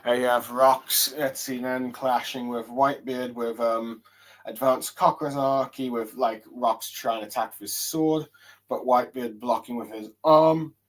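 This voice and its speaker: A man's voice: mid-range voice, fairly even intonation, measured pace. A man giving a casual solo review of a manga chapter, hesitant and full of fillers as he reads along. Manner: hesitant, many fillers and restarts while reading along.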